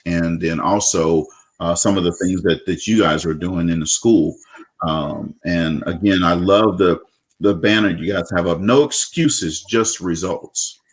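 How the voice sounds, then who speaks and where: A man with a low, deep voice hosts a casual interview. He talks in an upbeat, chatty way, leaning on fillers and restarting his sentences. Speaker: show host.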